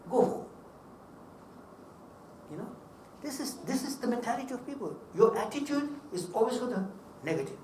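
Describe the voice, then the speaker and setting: A man's voice: extremely high pitch, very animated, quick pace, darkish tone, slight background noise. A man giving a seminar talk, telling humorous stories with emphatic delivery. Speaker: seminar speaker. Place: hotel seminar hall. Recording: echoey hall, mic at a distance.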